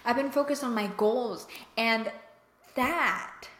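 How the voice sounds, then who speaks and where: A woman's voice: a little high, slow, fairly bright tone. A young adult woman hosting a faith-based mental health podcast, talking emphatically and earnestly and often checking in with the listener. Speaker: podcast host. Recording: echoey room.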